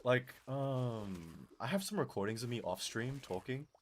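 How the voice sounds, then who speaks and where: Animated male streamer with a strained voice. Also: medium pitch, measured pace, a little hiss or hum. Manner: animated, laughs often, answers chat. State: strained, tiring voice. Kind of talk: casual live-stream chat.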